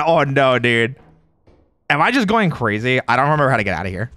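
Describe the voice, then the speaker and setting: A young man streaming a horror game, chatting casually with friends, joking and jumpy, yelling when scared. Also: medium pitch, big pitch swings, brisk, no echo. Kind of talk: casual gaming stream chat.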